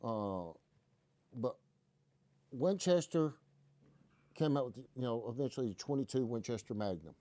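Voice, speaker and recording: A man's voice: medium pitch, lively intonation, a little slow, pauses often, warm tone, no room sound. A man hosting a casual live stream from a gun shop, telling stories in a folksy, joking way. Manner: folksy, joking, rambling explanations. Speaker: host.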